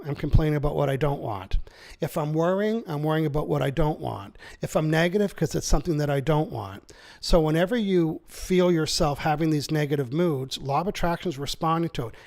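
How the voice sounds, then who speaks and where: Speaking with a somewhat high voice, this Canadian author and seminar presenter argues his ideas forcefully in an interview, acting out quotations as he goes.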